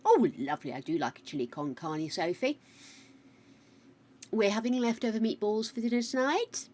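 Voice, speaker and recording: A woman's voice: medium pitch, expressive, moderate pace, a little mellow. A British woman streaming a game, rambling chattily through a story and answering her chat. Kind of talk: casual chat while gaming.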